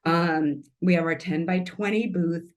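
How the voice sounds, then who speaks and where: A woman's voice: on the low side, fairly even intonation, a little slow. A middle-aged woman from Kansas City talking as a podcast guest, earnest and emotional, rambling and restarting her sentences. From Kansas City, Missouri. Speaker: podcast guest, tree artist and storyteller. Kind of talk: casual podcast interview.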